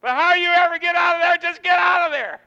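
A man's voice: very high voice, fast, gravelly, bright, forceful tone, raised voice, in a large hall, muffled recording, voice pushed up, exaggerated voice. A preacher voicing Jesus as a man who gives insistent commands with tenderness. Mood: urgent.

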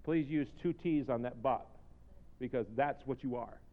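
A man preaching a sermon as pastor, swinging from low, joking asides to shouted exhortations in plain-spoken language. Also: moderate pace, slight background noise. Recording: reverberant, slightly dull hall recording.

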